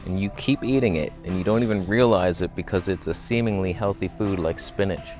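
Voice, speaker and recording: A man's voice: low voice, fairly quick, darkish tone, soft background music. A man talking to camera outdoors about health in a casual, joking vlog, with self-mocking asides. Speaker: vlogger. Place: outdoors, walking by a road.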